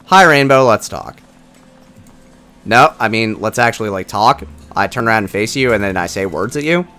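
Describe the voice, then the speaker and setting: A man's voice: on the low side, fairly quick, pushed and bright, soft background music. A man hosting a let's play of a text-based game, making wry, self-mocking asides as he reads.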